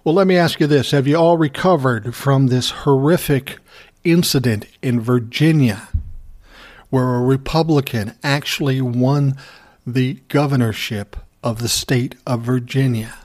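A man's voice: medium pitch, a little slow, darkish tone. A man hosting a casual ranting monologue, telling a story in a profane, sarcastic way. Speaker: commentary host.

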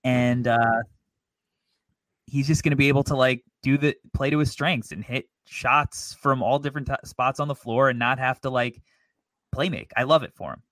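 Chill podcast dude, bright voice, kinda laid back with ums, dry mic. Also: male voice, medium pitch, fairly even intonation, dry recording. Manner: upbeat, easygoing, measured with fillers. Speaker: podcast co-host. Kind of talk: casual sports podcast chat.

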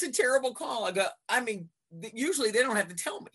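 A woman in her fifties, a veteran basketball referee, chatting in an interview and acting out her exchanges with coaches in lively retellings. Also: mid-range voice, very fast, few pauses, husky. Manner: animated storyteller acting out court exchanges. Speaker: basketball referee, podcast guest. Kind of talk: casual interview chat.

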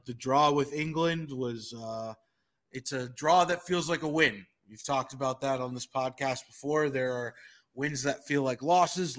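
A man's voice: on the high side, fairly bright tone. A man co-hosting a podcast in casual chat, joking and self-deprecating. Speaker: podcast co-host.

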